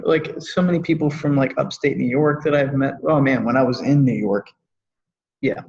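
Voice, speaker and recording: A man's voice: mid-range voice, fairly even intonation, moderate pace, creaky, darkish tone. Polite man with a Southern US accent. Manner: polite, hesitant with restarts. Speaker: meeting participant. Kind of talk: casual chat on a video call. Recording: slightly muffled call audio.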